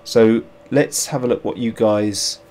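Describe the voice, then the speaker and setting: Male streamer, lower voice, rambling self-mocking live commentary while working, faint background noise. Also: fairly even intonation, measured pace, dark tone. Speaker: sculptor streaming his work. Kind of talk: casual livestream chat while working.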